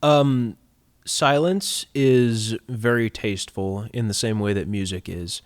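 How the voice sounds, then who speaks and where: A young man talks casually about film music on a podcast, now and then acting out lines and humming tunes. His voice sits on the low side. The sound is dry, with no room echo. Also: slow pace. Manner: animated, acts out lines and hums music. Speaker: guest composer.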